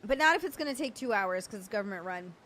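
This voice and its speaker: Her medium-pitched voice is animated and a bit bright, and she talks quickly. The young adult livestream host is overwhelmed, stuttering, laughing and swearing happily as she thanks the people watching.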